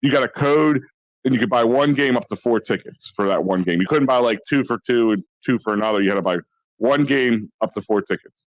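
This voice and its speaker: A man's voice: mid-range voice, brisk, no echo, low-quality recording. Rambling Philly man, dry mic. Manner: excitable, rambling, many restarts. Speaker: podcast co-host. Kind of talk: casual sports chat.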